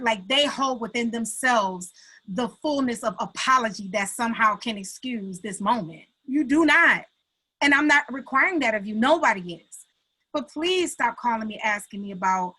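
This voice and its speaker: A woman speaking on a video call, blunt and exasperated, with emphatic, animated delivery. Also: a little high, moderate pace, poor audio. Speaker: call participant, artist. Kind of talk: candid group video call.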